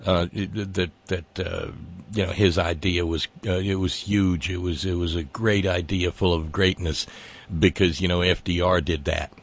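Sarcastic guy ranting about politics, low gravelly husky voice that swings all over. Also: fairly even intonation, normal speed. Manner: sarcastic, stammering, exasperated. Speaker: host. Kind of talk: satirical political rant.

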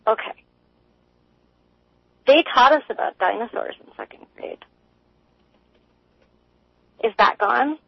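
A woman's voice: on the high side, slow, vocal fry, pauses often, slightly rough, dry recording. Young woman caller on a phone line. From Texas. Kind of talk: casual call-in chat. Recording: dry, dull phone line.

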